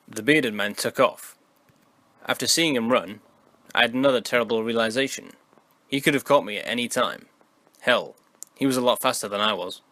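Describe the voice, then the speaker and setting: A man reading out a scary first-person story in steady, grim scripted narration. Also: on the low side, no echo.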